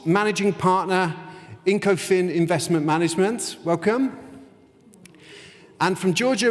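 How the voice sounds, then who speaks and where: A man moderating a conference panel in an informal, light-hearted way, in a windowless conference room. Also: high-pitched. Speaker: session moderator. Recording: long hall reverb.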